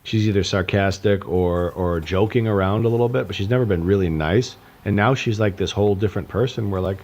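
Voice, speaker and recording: A man's voice: lowish voice, brisk, few pauses, a little mellow. A tired man co-hosting a comedy podcast, talking at length as he retells movie scenes in detail. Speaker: podcast co-host. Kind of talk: casual comedic chat.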